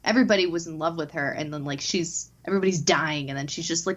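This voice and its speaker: A woman's voice: deep voice, steady tone, a little fast, highs cut off. A woman who is a guest on a podcast, teasing her co-host and acting out quotes in silly voices. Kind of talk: casual chat.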